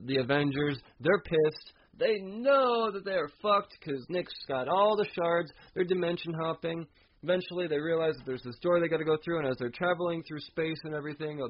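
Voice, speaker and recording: Husky man casually reviewing comics. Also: on the high side. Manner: casual, profane, chuckling. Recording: dull lo-fi recording.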